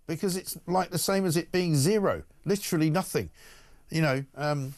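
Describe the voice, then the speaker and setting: A man's voice: a little high, moderate pace. A man hosting breakfast talk radio, blunt, sarcastic and indignant about the news. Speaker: radio talk show host.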